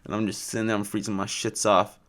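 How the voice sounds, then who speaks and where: A young man from California tells a casual storytime vlog with a lowish voice. He rambles loosely and swears freely, with "like" in nearly every sentence. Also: little pitch movement, quick pace, fairly bright tone. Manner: rambling and profane, full of "like" fillers. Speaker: vlogger.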